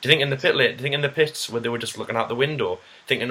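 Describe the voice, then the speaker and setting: A man co-hosting a casual racing debate, talking it through with lively retellings of drivers' radio messages. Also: mid-range voice, rapid-fire, few pauses. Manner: animated, acts out drivers' radio quotes. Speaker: co-host of a racing review show.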